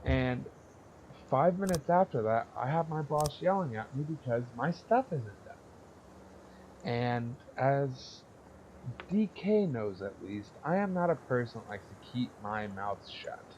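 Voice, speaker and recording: A young man talks slowly and bluntly, swearing freely as he rambles through a story in casual podcast chat. His pitch sits in an ordinary middle range, and there is a faint hiss behind him. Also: expressive, darkish tone, lo-fi sound. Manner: blunt, profane, rambling with laughs. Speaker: podcast co-host.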